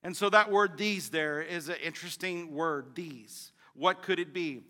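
A man preaching a sermon as pastor, teaching through a passage with impassioned swings from loud to quiet. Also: fairly high pitch, normal speed, big-room sound.

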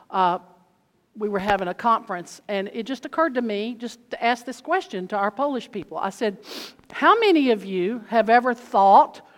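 A woman preaching and telling testimony stories, animated, moving between loud exclamations and hushed asides. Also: fairly high pitch. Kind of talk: sermon storytelling. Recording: long hall reverb.

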